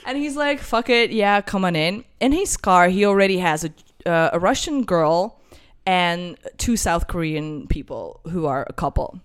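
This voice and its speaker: A young British woman telling a casual travel anecdote, acting out what each person said in lively voices. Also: lowish voice, measured pace, clear, resonant tone. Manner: animated storyteller who acts out quoted voices. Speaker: guest telling a travel story.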